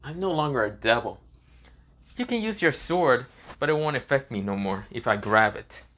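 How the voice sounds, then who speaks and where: A man's voice: mid-range voice, lively intonation, normal speed, a bit bright, lightly acted. A man voicing a cold, harsh young male swordsman in a fan story, speaking in curt, blunt replies.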